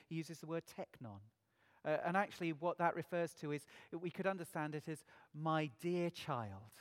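A man's voice: fairly high pitch, big-room sound. A man preaching a sermon in an earnest way, asking his listeners many rhetorical questions.

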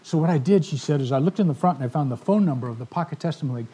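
A man telling stories in a sermon to a live audience, animated, acting out the voices of the people in his stories. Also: fairly high pitch, racing, breathy edge. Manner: animated storyteller, acts out quoted voices. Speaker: ministry speaker. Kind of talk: storytelling sermon talk.

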